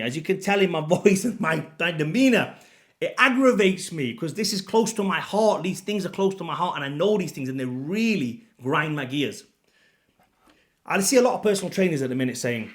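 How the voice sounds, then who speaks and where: Casting: fitness coach, young man, fairly high voice, blunt and fired up, swings from mutters to outbursts. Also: animated, normal speed. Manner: blunt, exasperated, swings between muttered asides and loud outbursts. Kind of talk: impassioned rant to camera.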